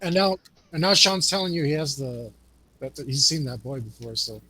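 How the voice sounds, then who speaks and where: Male game master, teasing and relaxed; bright, fairly high voice. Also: normal speed, rough recording. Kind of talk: narrating a tabletop game.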